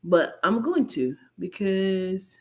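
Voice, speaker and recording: A woman's voice: medium pitch, animated, slow, a little mellow. A woman, delivering brash, profane, mocking reaction commentary as a host. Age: 40s.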